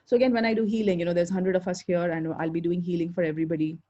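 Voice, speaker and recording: A woman's voice: on the low side, fairly even intonation, rapid-fire, mellow, dull audio. A woman teaching a spiritual healing class on a video call, talking in an earnest, chatty way with lots of fillers. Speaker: pranic healing instructor. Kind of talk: online spiritual talk with slides.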